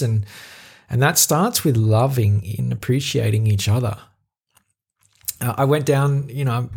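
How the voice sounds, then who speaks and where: A man with an Australian accent hosting a reflective solo podcast, talking in an earnest, halting way with many fillers and restarts. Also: mid-range voice, gravelly, darkish tone. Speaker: podcast host.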